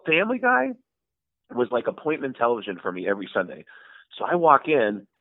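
Animated male storyteller on a phone line. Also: fairly quick, no room sound. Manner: animated storyteller, acts out quotes with big pitch jumps. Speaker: guest, voice actor and impressionist. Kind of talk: casual storytelling interview. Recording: tinny phone-like line, dry.

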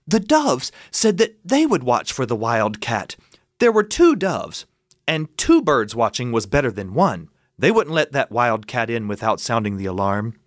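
Lively man telling a story. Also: no room sound, studio quality. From South Carolina. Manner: lively, with high squawking bird noises.

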